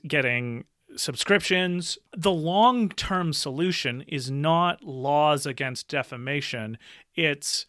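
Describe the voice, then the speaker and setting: A man's voice: a little high, bright, forceful tone, no echo, clean studio sound. A man in a casual podcast conversation, speaking earnestly and thoughtfully, often breaking into a laugh.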